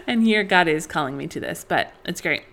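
A woman's voice: on the low side, animated, moderate pace, fairly bright tone. A young adult woman hosting a faith-based podcast, talking earnestly and with feeling to mothers and often restarting her sentences. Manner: earnest and emotional, many restarts. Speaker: podcast host.

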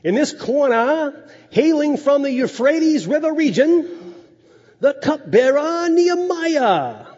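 A man playing a showy boxing ring announcer, drawing out every word in a high, loud voice. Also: full character voice. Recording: echoey hall, dull lo-fi sound.

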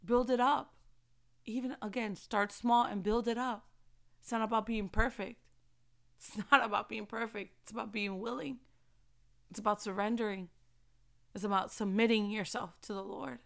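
A woman's voice: a little high, fairly even intonation, moderate pace, creaky, pauses often, a bit bright. A young woman giving a passionate faith-based motivational talk, preaching and repeating phrases for emphasis. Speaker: faith vlogger.

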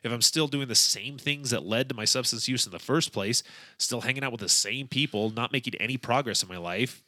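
A man's voice: mid-range voice, brisk, pushed and bright, dry recording. A man speaking as an addiction counselor in a casual discussion, thoughtful and hesitant with many fillers.

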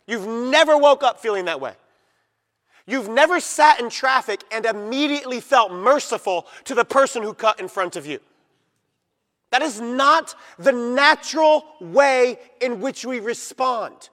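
A man preaching a sermon in a fairly high voice, addressing his listeners directly. He hammers his points with emphasis, then slows down and drops to a near hush. His voice rings out with a long reverb, as in a large hall. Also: lively intonation. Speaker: pastor.

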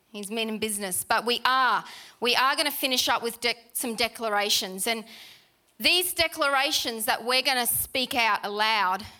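A woman preaching a sermon to her church, chatty and emphatic, repeating key words. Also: a little high. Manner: animated, chatty, with laughs and emphatic repetition. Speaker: pastor. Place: church hall.

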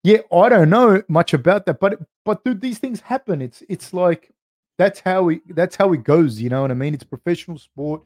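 A man's voice: high-pitched, lively intonation, moderate pace, darkish tone, dry recording, clean studio sound. An Australian man in his thirties hosting a podcast, answering live chat questions in loose, chatty talk with frequent swearing and "dude". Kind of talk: casual live-stream Q&A.

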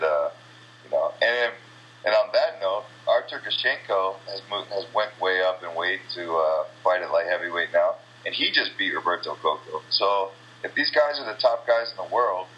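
A man's voice: deep voice, normal speed, sharp tone, dull audio. A man from the USA, a kickboxing champion, giving blunt, rambling, trash-talking answers in a casual interview.

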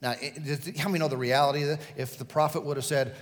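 A man's voice: medium pitch, quick pace, hardly any pauses, in a large hall. A male pastor preaching a sermon, telling the story vividly and putting questions to the congregation.

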